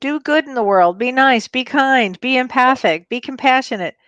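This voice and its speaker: A woman's voice: sits high, lively intonation, normal speed, fairly bright tone, no room sound, muffled recording. A female co-host who affirms her partner and reads out viewer questions in a casual spiritual talk show.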